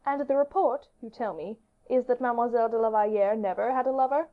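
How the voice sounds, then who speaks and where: Woman reading a regal king, brisk and commanding, storybook voice, dull lo-fi sound. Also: fairly high pitch, natural voice. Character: regal young male king, curious and commanding. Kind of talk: audiobook character reading. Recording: dull lo-fi audiobook recording.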